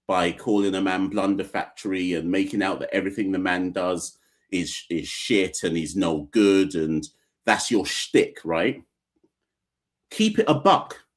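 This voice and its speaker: A man hosting a live cricket podcast stream, reading super chats and giving blunt opinions in slangy, playful talk. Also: lowish voice. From Caribbean. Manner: joking, playful fake fitness-instructor bit. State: out of breath. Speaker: podcast host.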